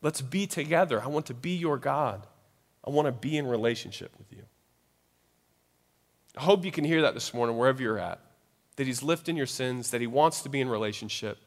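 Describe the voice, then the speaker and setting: A young man, a pastor, telling a lively family story in a sermon and closing in prayer. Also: mid-range voice, long reverb tail. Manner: animated storytelling, then soft prayer.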